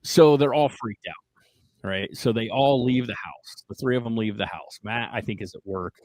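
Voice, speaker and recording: A man hosting a podcast, casually retelling a strange story in an animated way, often checking in with "right?" and "like". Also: medium pitch, normal speed, dry recording, poor audio. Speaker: podcast host.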